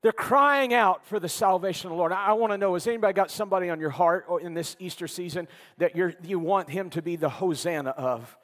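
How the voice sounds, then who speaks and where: High-pitched pastor guy preaching hard in church, goes loud then real quiet. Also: quick pace, few pauses, long reverb tail. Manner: fervent preaching, swinging from loud calls to hushed lines. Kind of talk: sermon. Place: church sanctuary.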